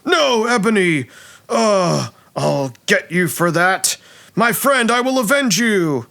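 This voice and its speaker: A man's voice: sits high, sing-song, slow pace, gravelly, pushed and bright, voice pushed up, exaggerated voice. A pompous little dwarf paladin, a stage actor who declaims grand vows, as a man puts him on. The voice sits well above the performer's own and rings out bold. This is tabletop game play. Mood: vengeful.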